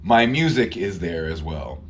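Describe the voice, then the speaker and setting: A man's voice: sits low, big pitch swings, unhurried, a little hiss or hum. A man teaching English pronunciation, who patiently repeats words and switches to Spanish for his learners.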